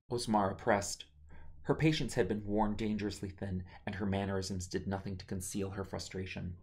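A man reading his own novel aloud as a steady, measured audiobook narration. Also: sits low, gravelly.

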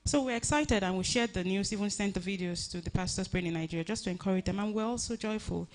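A woman stands at a church lectern microphone to give a tribute at a funeral. She tells her story earnestly but haltingly and often starts her sentences over, and her voice sits in a middle pitch. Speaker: daughter giving a funeral tribute. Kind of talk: personal tribute speech.

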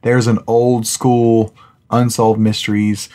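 A man co-hosting a paranormal podcast, talking in an excitable, rambling way with frequent laughs. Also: medium pitch, slow pace. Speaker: podcast co-host. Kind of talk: casual chat.

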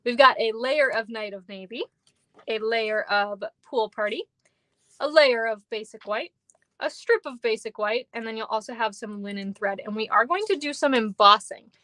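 A woman's voice: on the high side, moderate pace, sharp tone, dry recording. A young woman from Minnesota, chatty and upbeat, demonstrating card-making on a live stream and reading viewer comments aloud, sounding a bit tired. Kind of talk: live stream craft demo. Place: air-conditioned basement.

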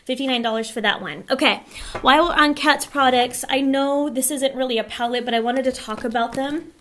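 A woman beauty vlogger chatting through a product review in a hoarse voice, enthusiastic and chatty. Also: sits high, fairly quick, fairly bright tone, slight background noise. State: hoarse, losing her voice.

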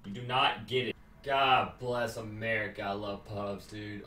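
A young man rants heatedly at his teammates over game chat, brash and loud one moment, muttering the next. He talks slowly and sits back from the mic, so the voice carries a roomy echo. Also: on the low side, distant mic. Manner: heated, brash, swings from yelling to mumbling. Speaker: gamer. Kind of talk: comedy skit, trash-talking over voice chat.

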